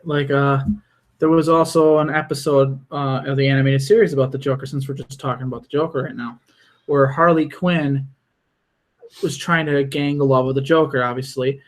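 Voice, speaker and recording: A man's voice: medium pitch, normal speed. A man co-hosting a casual podcast, eagerly retelling cartoon episodes and acting out the characters' lines. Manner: animated storyteller, acts out quoted lines. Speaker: podcast co-host.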